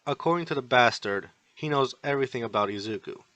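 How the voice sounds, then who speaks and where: A man's voice: medium pitch, animated, quick pace, fairly bright tone, dry recording, natural voice. A man voicing a brash, hot-tempered young man who snaps insults, in a fan story reading. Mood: scornful. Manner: scornful, snapping insults.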